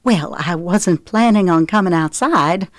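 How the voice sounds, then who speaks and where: A woman voicing a flustered, spirited young mother who protests in quick breathless bursts. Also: fairly low pitch, no room sound, clean studio sound, natural voice. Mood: defensive.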